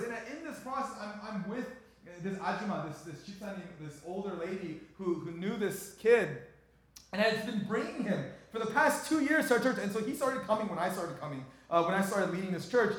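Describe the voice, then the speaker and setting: Male pastor, slightly high voice, earnest conversational storytelling, heavy room echo from the church sanctuary. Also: big pitch swings, quick pace, a bit bright. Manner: earnest, conversational, emotionally charged retelling. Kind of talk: sermon storytelling. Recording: very echoey large room.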